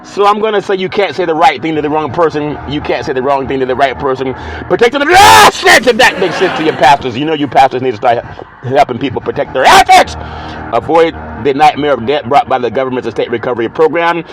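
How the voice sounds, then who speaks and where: A man hosting a sports talk show, chatting playfully and reading a live ad with bursts of loud excited exclamations. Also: mid-range voice, fast talker, rough recording. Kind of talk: casual talk show monologue with live ad read.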